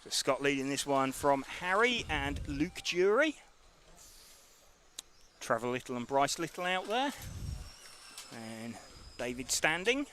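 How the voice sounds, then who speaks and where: Bright-voiced race commentator. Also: male voice, a little high, measured pace, long pauses, slight background noise. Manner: relaxed, hesitant with many ums and uhs.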